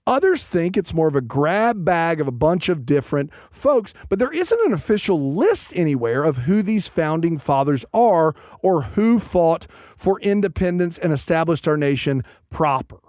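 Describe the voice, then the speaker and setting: Radio quiz co-host, male, high and animated voice, dry close sound, teasing. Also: dry recording. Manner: lively, teasing, quick laughs. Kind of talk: playful radio banter.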